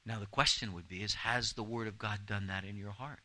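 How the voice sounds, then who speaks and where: A man's voice: on the low side, steady tone, a little fast, sharp tone, poor audio. A man in his fifties, a pastor preaching an earnest, emphatic sermon.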